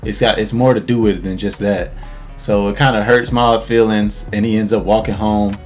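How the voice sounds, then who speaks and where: A man with a fairly low voice talks through an anime episode in a relaxed, slangy way as the show's host. Faint music hums behind him. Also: a little fast. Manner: laid-back, slangy storytelling with laughs. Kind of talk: casual recap chat.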